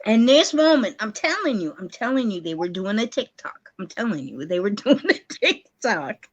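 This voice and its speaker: A woman, ranting in casual live-stream chat, animated and exasperated. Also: mid-range voice, moderate pace. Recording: dull lo-fi stream audio.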